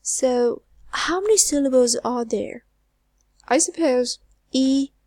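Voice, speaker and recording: A woman teaching an English lesson, asking learners questions and repeating words slowly, with phrase ends trailing to a near whisper. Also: high-pitched, a little mellow, no room sound. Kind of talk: recorded online lesson.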